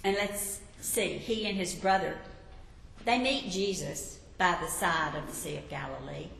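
In a hall full of long, echoing reverb, a woman preaches a sermon, asking her listeners questions as she tells Bible stories with warmth. Her voice is lowish and gravelly, and she speaks a little slowly.

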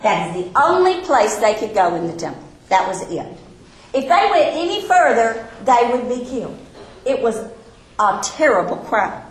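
A woman preaching an expository sermon, emphatic and slowing down on key phrases. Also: a little high, very animated. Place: church or classroom with a board. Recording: echoey room with faint ambience.

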